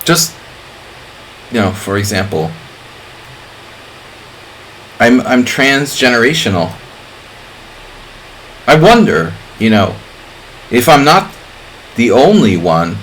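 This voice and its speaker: A man's voice: mid-range voice, big pitch swings, slow pace, pauses often, fairly bright tone, a little hiss or hum, low-quality recording. A middle-aged man streaming chess, chatting casually in a rambling way with lots of fillers. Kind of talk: casual live-stream chat.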